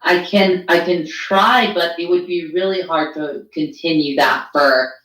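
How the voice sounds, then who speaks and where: A woman's voice: lowish voice, fairly even intonation, unhurried, fairly bright tone, roomy sound, low-quality recording. A woman chatting bluntly and jokingly on a live talk stream, with casual profanity.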